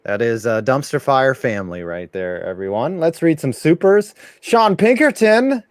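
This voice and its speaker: A man's voice: mid-range voice, big pitch swings, normal speed, dry recording. Guy hosting a live stream, reading chat messages and joking, dry close sound. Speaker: livestream host. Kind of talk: casual live reaction chat.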